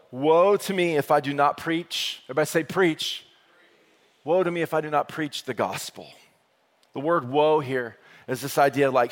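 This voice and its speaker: A man preaching a sermon with energetic call-and-response delivery. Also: a little high. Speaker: pastor. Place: church sanctuary. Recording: long hall reverb.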